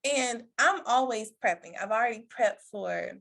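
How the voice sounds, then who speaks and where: A woman guest on a podcast telling a personal story in conversation, lively, acting out the voices of others and laughing often. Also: normal speed, gravelly. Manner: animated, acts out quoted voices with big pitch jumps.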